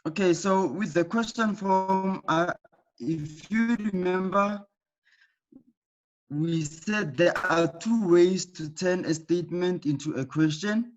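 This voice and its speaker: Teacher guy doing an online class, keeps asking okay?, higher voice, muffled audio. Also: slow pace. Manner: patient, repeats key points with frequent "okay?" checks. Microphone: computer mic in an online class.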